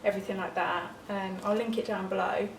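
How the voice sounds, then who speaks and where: A young English woman chats to camera as a new mum, rambling along and now and then dropping to a whisper. Her voice has a gravelly edge. It is a home recording with plenty of noise behind it. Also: medium pitch, steady tone, a little fast. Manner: chatty, rambling, often drops to a whisper. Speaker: vlogger, first-time mum. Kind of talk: casual chat to camera.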